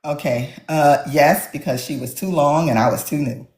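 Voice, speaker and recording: A woman author in a casual interview, telling stories with animated energy. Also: deep voice, normal speed, roomy sound. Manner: animated storyteller, acts out quotes. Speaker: author guest.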